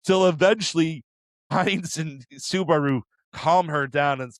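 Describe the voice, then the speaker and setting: A man co-hosting an anime podcast, retelling episodes in an animated way with quick character impressions and frequent laughs. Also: a little high, no room sound. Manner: laughs often. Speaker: podcast co-host. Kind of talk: casual anime discussion.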